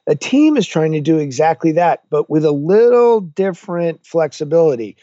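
A man's voice: fairly high pitch, normal speed, no echo. A man, a former military commander, telling stories animatedly as a guest in an interview. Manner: animated storyteller, acts out quotes. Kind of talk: interview storytelling. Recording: dull lo-fi sound.

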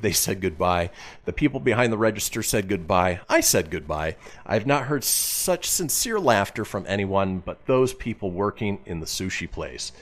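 A male radio host chatting casually and reading listener messages aloud with a jokey manner. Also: low-pitched.

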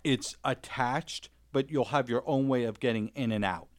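A man co-hosting a casual podcast. He is a jokey storyteller with a mid-pitched voice, and he breaks into silly put-on voices to act out scenes. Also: normal speed. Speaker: podcast co-host. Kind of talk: casual chat.

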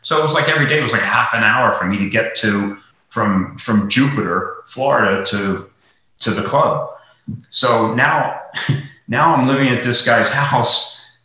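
The podcast guest, a golf pro from Lancaster, Pennsylvania, rambles through a long, casual story, leaning heavily on "you know" and other fillers. He has a mid-range, pushed and bright voice at a measured pace. His recording space is very echoey.

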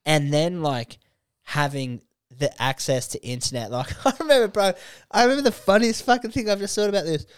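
Excitable man, higher voice. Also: fairly quick, clean tone, dry recording, studio quality. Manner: excitable storyteller, swears freely, laughs often. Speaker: podcast host. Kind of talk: casual chat.

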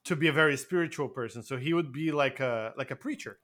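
A man's voice: mid-range voice, fast. A young man co-hosting a casual comedy podcast, rambling and joking with friends. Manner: rambling, puts on a loud Southern preacher drawl for laughs. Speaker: podcast co-host.

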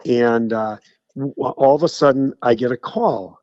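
A middle-aged man, a radio guest telling animated anecdotes in casual chat. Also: medium pitch, unhurried, no echo. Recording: slightly dull, dry sound.

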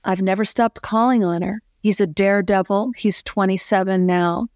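A woman's voice: mid-range voice, fairly even intonation, moderate pace, a little mellow, no echo, studio quality. A middle-aged woman, a podcast guest, earnestly telling a personal story with lots of "you know" fillers.

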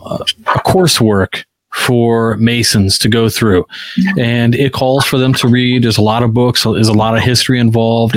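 A man's voice: medium pitch, dry recording. A man co-hosting a podcast in casual, rambling chat, full of filler words. His voice sits in a middle register. The recording is dry and close, with no room sound. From Illinois, US. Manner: relaxed, rambling with many fillers. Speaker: podcast co-host.

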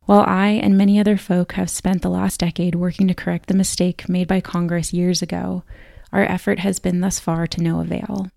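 A woman podcast host reading measured, scripted documentary narration. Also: lowish voice, creaky, dark tone, no echo, clean studio sound.

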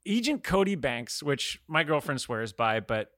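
A man's voice: on the high side, big pitch swings, a little slow, a bit bright, dry recording, clean studio sound. A man co-hosting a podcast in casual chat, rambling through a story with laughs and casual swearing. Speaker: podcast co-host.

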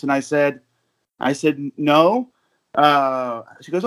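A man's voice: a little high, steady tone, fairly quick. A man from the United States, a guest on a casual podcast, telling long stories with lots of fillers and restarts. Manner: rambling storyteller with many fillers and restarts. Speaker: guest, overseas football supporter.

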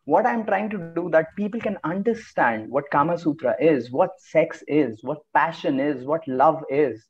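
Indian man joking over a dull video call. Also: a little high. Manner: laughing, joking, quick excitable bursts. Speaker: guest. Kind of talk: casual podcast chat over video call.

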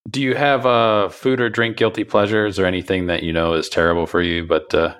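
A man interviewing a guest, asking brisk quick-fire questions. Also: deep voice, little pitch movement, fairly bright tone, clean tone.

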